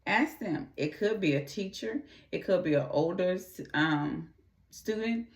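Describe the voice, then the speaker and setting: A woman's voice: low-pitched, reverberant, far from the mic. A woman talking earnestly to her audience, repeating her urgings and briefly acting out the voices of people she describes. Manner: earnest, repeats urging phrases, acts out quick quoted voices. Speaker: host. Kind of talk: casual talk to camera.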